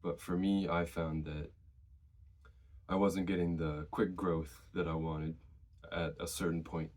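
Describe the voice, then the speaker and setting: Very low-voiced man giving gym advice. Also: a little slow. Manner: relaxed, conversational, shares personal experience. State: slightly out of breath. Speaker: fitness vlogger. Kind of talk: casual advice to camera.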